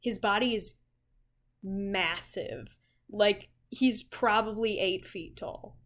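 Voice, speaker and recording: A young woman running a tabletop game, narrating a scene in an unhurried, halting way with many fillers. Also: mid-range voice. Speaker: game master.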